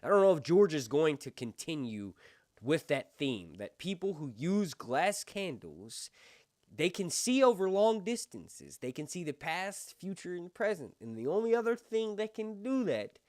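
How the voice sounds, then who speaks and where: A man hosting a fan review channel, talking with excited enthusiasm and often breaking into exclamations. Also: a little high, measured pace, no room sound, studio quality. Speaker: book and TV review channel host. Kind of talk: excited fan commentary with read-aloud passages.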